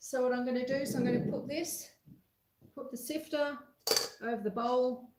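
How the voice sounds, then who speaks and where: A woman's voice: high-pitched, steady tone, moderate pace, roomy sound, heavy background noise. An Australian woman hosting a casual live-stream baking chat from her home kitchen. She is chatty and self-deprecating, and she reads viewers' messages aloud while she cooks.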